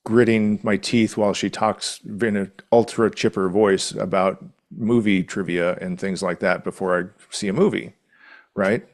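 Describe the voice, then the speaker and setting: Lower-pitched man, chatty co-host. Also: fairly even intonation, unhurried. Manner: enthusiastic, rambling with restarts. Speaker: podcast co-host. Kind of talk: casual chat.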